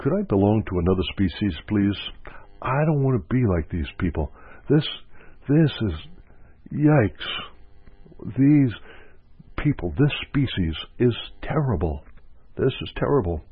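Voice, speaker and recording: A man's voice: sits low, slightly rough, dry recording. A man giving a reflective spiritual teaching talk as a counselor, repeating phrases for emphasis. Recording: dry, phone-like narrow sound.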